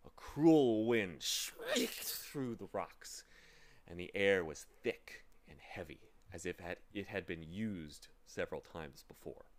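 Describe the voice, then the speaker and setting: A man reading a children's novel aloud with slow, dramatic narration. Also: low-pitched, animated. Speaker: reader. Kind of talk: storybook reading.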